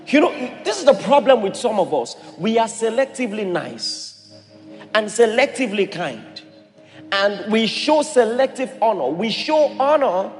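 A Nigerian man preaches with a high voice and swings hard between low and soft. He acts out the people in his stories as he talks, and the sound rings through a large hall with soft music underneath. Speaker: pastor. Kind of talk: sermon.

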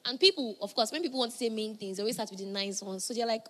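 A woman preaching a sermon, moving between loud emphatic calls and soft, hushed passages. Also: fairly high pitch, brisk, hardly any pauses.

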